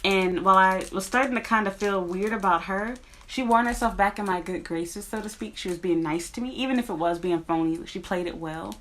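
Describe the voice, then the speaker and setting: A woman's voice: mid-range voice, fairly quick, hardly any pauses, fairly bright tone, a little hiss or hum. Blunt, profane woman ranting to camera. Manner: blunt, profane, talks straight to viewers. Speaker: teacher in Japan. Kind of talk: casual vlog rant.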